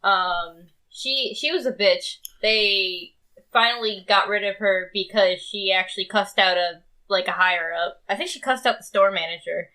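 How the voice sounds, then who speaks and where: A woman's voice: medium pitch, normal speed, pushed and bright. A woman guest on a casual podcast, telling a work story with lots of fillers and laughter. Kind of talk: casual chat.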